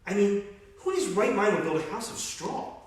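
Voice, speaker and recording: A man's voice: sits high, very animated, normal speed, far from the mic, slight background noise, voice pushed up. A man reading as a wolf telling his own side of a children's story in a chatty, conversational way. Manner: conversational first-person storytelling. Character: grown male wolf, chatty, self-justifying. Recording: very echoey room, off-mic.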